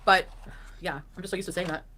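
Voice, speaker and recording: A woman's voice: on the low side, steady tone, quick pace, sharp tone, a little hiss or hum. A woman livestreaming from home, rambling casually with lots of fillers and breaking off to talk to her pets.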